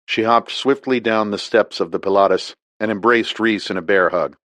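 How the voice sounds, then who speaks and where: Male audiobook narrator, deep and steady, dry close sound. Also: moderate pace, no echo.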